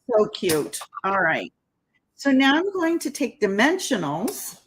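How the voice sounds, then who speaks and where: Chatty woman host demoing cards, easy slow pace, lively sing-song delivery. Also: medium pitch, breathy edge, low-quality recording. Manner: chatty, talks while working, laughs at own slips. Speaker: card-making demonstrator. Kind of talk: casual crafting tutorial.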